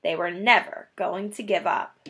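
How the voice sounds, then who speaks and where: A woman teacher reading a children's book aloud, telling the story expressively and adding brief chatty asides for her listeners. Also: moderate pace. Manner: expressive storytelling, jumps high for quoted characters.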